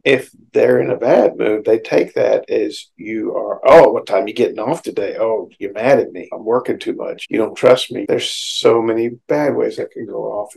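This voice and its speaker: A man's voice: on the low side, vocal fry, a little mellow, rough recording. A middle-aged man, a psychotherapist, giving an informal educational talk in a conversational way and explaining through everyday examples.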